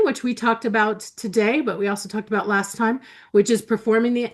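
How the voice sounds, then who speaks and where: A woman's voice: mid-range voice, darkish tone. A woman hosting a live math webinar over a computer mic. She talks in a chatty, enthusiastic way, with lots of fillers and laughs as she reads the chat aloud.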